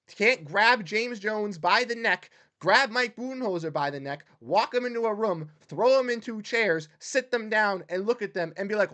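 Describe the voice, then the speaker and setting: A man hosting a sports livestream, ranting heatedly and swinging between loud outbursts and muttered exasperation. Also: high-pitched, expressive, normal speed, few pauses, no room sound. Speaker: sports podcast host. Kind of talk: livestream rant.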